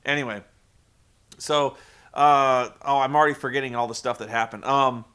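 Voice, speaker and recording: Male wrestling reviewer, bright voice, sweary and rambling. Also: medium pitch, steady tone, moderate pace, smooth. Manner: profane, rambling, with frequent restarts. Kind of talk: casual recap commentary.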